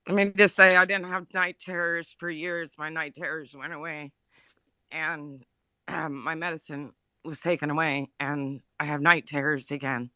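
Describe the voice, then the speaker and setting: A woman speaking emotionally in a live audio chat room, halting and apologetic, close to tears. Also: sits low, flat delivery, sharp tone, no echo. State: upset, near tears. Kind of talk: emotional personal testimony.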